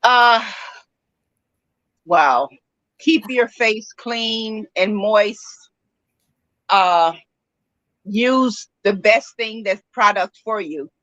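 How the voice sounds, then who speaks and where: Candid laughing woman, bright and dry. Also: medium pitch, very slow, long pauses, no echo, dull audio. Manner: candid and self-mocking, laughs often. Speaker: guest. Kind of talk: casual interview chat.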